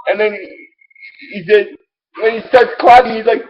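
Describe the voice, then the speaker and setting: A man hosting his own show, rambling through an excitable recap with many restarts. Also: high voice, measured pace, pauses often, low-quality recording. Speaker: show host recapping episodes.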